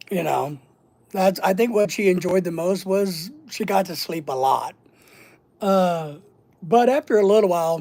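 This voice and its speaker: A middle-aged man with a high, gravelly voice, captured with no echo, hosts an easygoing livestream. He reads the chat and answers it, rambling and joking, with repeated words and lists.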